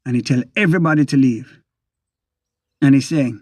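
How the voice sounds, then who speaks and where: A man's voice: medium pitch, moderate pace, darkish tone, no room sound. A man narrating an audiobook in first person, with a rhythmic, repeating delivery. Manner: rhythmic, repeating sound words.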